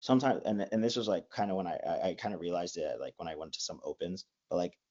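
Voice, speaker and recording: A college wrestler in his twenties is a guest in a casual interview, rambling with lots of "likes" and restarts. His voice sits low and has a darkish tone, and he talks fast and expressively. The recording sounds dull and lo-fi.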